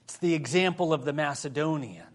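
A man preaching a sermon in a somewhat high voice. He tells personal stories with dry humorous asides. His delivery drops to a hush in prayer and rises when he stresses a point. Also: a little fast. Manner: storytelling with humorous asides, shifting from soft prayer to lively emphasis. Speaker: pastor.

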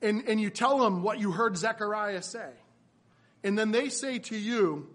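A man's voice: sits high, unhurried, pauses often, a bit bright. A man preaching a sermon, earnest and emphatic, often repeating his phrases for weight. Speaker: pastor.

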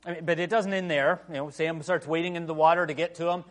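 A male pastor preaches a sermon with a slightly high voice. He talks in a conversational, storytelling way and often uses filler phrases. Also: steady tone, fast talker.

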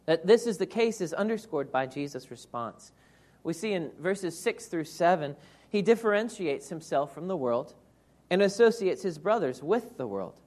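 A woman's voice: fairly low pitch, expressive, moderate pace, a little mellow. A woman preacher giving an earnest, reflective sermon that explains scripture verse by verse.

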